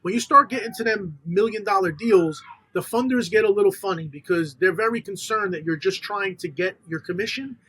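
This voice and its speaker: High-voiced New man telling deals. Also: brisk, husky, poor audio. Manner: animated storyteller quoting others in dialogue. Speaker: podcast guest, funder. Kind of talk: casual storytelling interview.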